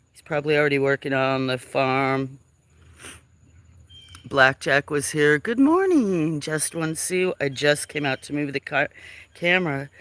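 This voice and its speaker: A fairly high, fairly bright and smooth male voice, recorded with no room sound, belongs to a host running an easygoing farm livestream outdoors while birds sing. He's friendly and rambly, sniffles now and then, reads viewers' chat names aloud, and at times drops to a whisper.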